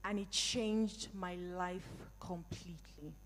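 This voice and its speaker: A woman's voice: lowish voice, slow. Middle-aged woman giving a fired-up motivational talk, talks right to the crowd, big hall echo. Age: 40s or older. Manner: emphatic, personal, addresses audience directly. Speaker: speaker at a live event. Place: event hall.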